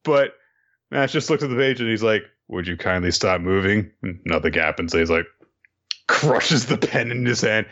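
Over dull audio, a medium-pitched man co-hosts a podcast, casually recapping manga chapters. His retelling is animated, and he acts out the quoted lines as he goes.

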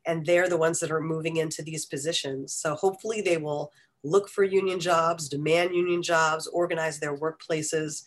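An adult interview guest answering earnestly, with many um fillers. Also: medium pitch. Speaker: union media guest being interviewed. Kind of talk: interview conversation.

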